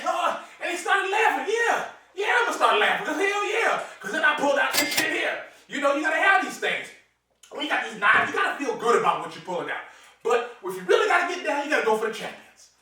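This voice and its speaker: Brash high-voiced man in an echoey room. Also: bright, forceful tone. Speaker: comedic host showing his knives. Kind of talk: profane comedic monologue to camera. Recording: echoey room, mic far off, faint noise.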